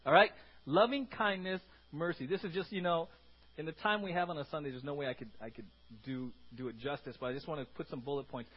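Animated high-voiced man preaching a sermon. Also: fast, breathy edge, highs cut off. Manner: animated, conversational, repeats words and asks the congregation "right?". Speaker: pastor.

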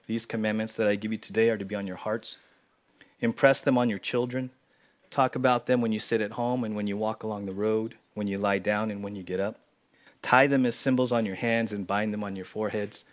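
A man preaching a sermon in church, swinging from loud emphatic lines to quiet, low asides. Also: fairly even intonation, a little fast. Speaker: pastor. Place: church sanctuary.

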